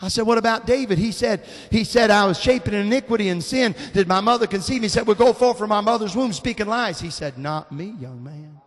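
A man's voice: high-pitched, fast talker, few pauses. A man in his fifties preaching a sermon in a folksy, fervent style, telling stories and calling out amens. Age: 50s. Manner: folksy Southern preaching, rising to fervent shouts. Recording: long hall reverb.

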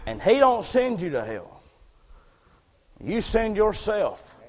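A man preaching a sermon in a church, fervent, repeating words and rising to shouts. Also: high voice, wildly swooping pitch, slow, long reverb tail, a little hiss or hum. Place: church sanctuary.

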